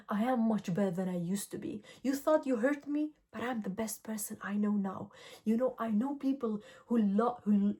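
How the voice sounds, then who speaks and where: A young adult woman vlogging straight to camera, giving earnest, direct self-help talk and telling everyday stories with energy. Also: medium pitch. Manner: earnest, direct, lively storytelling. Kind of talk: casual motivational talk to camera.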